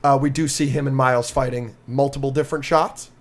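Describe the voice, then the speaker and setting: A man co-hosting a podcast, recapping with excitement and lots of fillers in casual chat. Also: medium pitch, a little fast. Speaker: podcast co-host.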